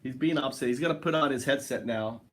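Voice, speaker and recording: A man's voice: medium pitch, quick pace, fairly bright tone. A man talking alone on a home livestream, loose and rambling. His delivery is wry and joking, and he keeps addressing a listener who never answers. The talk is casual and meandering. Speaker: livestream host. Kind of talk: rambling solo livestream chat.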